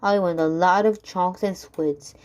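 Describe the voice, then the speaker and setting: A woman's voice: fairly low pitch, steady tone, normal speed, a little mellow, natural voice. A woman voicing a greedy, demanding male beast that lives in a child's tummy, in a storybook reading. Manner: demanding, threatening.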